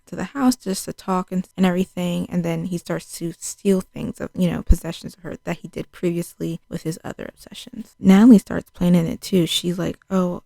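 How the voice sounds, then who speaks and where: Young woman, chatty show recap, mellow tone, dry close sound. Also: on the low side, creaky, no room sound. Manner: chatty, fills speech with "like", acts out quotes. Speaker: TV show reviewer. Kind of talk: casual spoken show recap.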